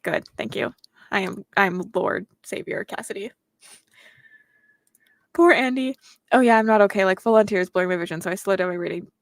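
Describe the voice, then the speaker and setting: A young woman hosts a casual reading livestream. She reads viewer comments aloud and answers them in a chatty way. Her voice sits at a medium pitch and is recorded close and dry, with no room sound. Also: a little fast, long pauses, no echo. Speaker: booktuber host reading chat aloud.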